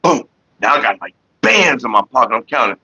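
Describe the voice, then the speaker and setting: A man's voice: mid-range voice, big pitch swings, a little fast, pushed and bright, slightly rough. A man hosting a casual livestream, telling loose stories and greeting viewers in the chat. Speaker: livestream host. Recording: dull lo-fi stream audio.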